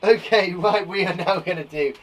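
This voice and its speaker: A man's voice: high voice, moderate pace, fairly bright tone, recorded from a distance, slight background noise, rough recording. A man teaching a live online lesson to young children, upbeat and playful, from a small garden shed. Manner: upbeat, playful, exaggerated sound effects. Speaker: primary school teacher.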